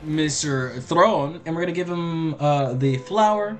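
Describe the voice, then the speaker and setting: A man's voice: a little high, unhurried, faint music behind. A young man casually commenting on a game he streams, crude and joking as he rambles.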